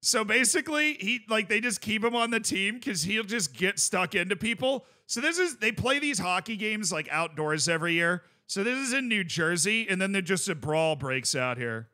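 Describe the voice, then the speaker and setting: A man's voice: high-pitched, animated, moderate pace, few pauses, pushed and bright. A male streamer chatting casually while reacting to clips, enthusiastic and rambling, full of fillers.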